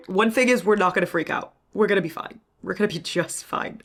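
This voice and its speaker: A woman's voice: lowish voice, a little fast, hardly any pauses. A young woman reading and gushing in a casual, emotional book vlog, swearing freely. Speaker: book vlogger.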